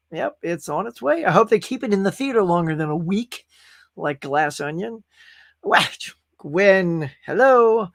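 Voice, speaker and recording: Guy rambling on his pop culture stream, reading chat out loud, dry close sound. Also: high voice, dry recording. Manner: rambling, chatty, reads viewer comments aloud. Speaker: podcast host. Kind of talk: casual live-stream chat.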